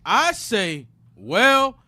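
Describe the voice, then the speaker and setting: Slow, bright-voiced man reading aloud. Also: extremely high pitch, very animated, no room sound. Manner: measured reading, one short passage at a time. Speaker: reader in a Bible class.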